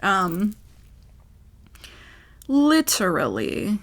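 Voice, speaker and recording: A woman's voice: mid-range voice, huge pitch swings, extremely slow, vocal fry. A woman telling a personal story in a vlog, in a rambling, emotional way with lots of fillers. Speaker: ASMR creator.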